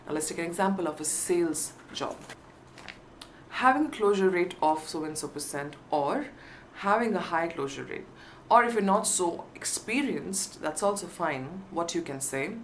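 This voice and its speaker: A woman's voice: fairly low pitch, lively intonation, normal speed, slight background noise. A woman coaching viewers on job interviews in an emphatic, encouraging way. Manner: emphatic, stresses key words, upbeat encouragement. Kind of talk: teaching to camera.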